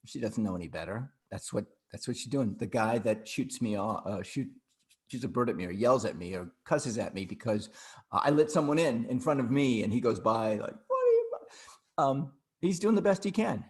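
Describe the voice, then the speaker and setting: A man's voice: medium pitch, lively intonation, a little fast, darkish tone. Reflective middle-aged man chatting on a video call. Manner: reflective, repeats words while thinking. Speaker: podcast co-host. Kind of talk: casual chat over video call.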